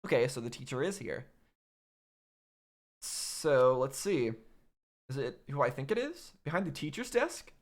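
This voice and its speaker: A man's voice: medium pitch, big pitch swings, measured pace, long pauses, slight background noise. A man playing a story game blind for the first time, thinking aloud and restarting his sentences as he puzzles things out. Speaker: gaming video host. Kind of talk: blind playthrough commentary.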